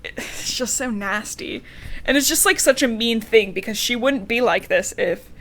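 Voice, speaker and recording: A woman co-hosting a podcast, recapping a book in casual, animated chat, laughing and swearing casually. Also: fairly high pitch, moderate pace. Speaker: podcast co-host.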